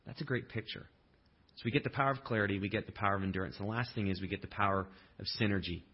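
Husky male pastor preaching casually. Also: lowish voice, racing, dull audio. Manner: conversational and humorous, acts out quotes. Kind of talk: sermon.

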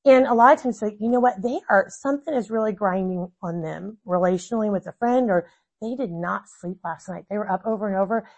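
A woman in her thirties, a mother talking in an animated, casual way about parenting. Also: mid-range voice, a little fast. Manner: animated, acts out quoted family dialogue. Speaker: mother and guest. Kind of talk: casual conversation.

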